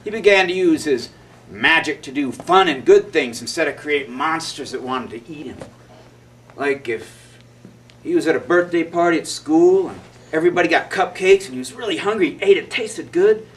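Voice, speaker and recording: A man's voice: fairly high pitch, lively intonation, moderate pace. A male storyteller performing a children's tale dramatically, with gasps and sound effects. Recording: distant mic with faint noise.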